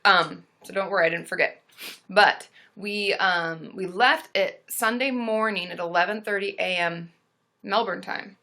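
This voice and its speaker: Chatty woman host, bright forward tone, bubbly, fillers throughout, casual live-stream chat. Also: mid-range voice, fairly even intonation, normal speed. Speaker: therapist hosting a live stream.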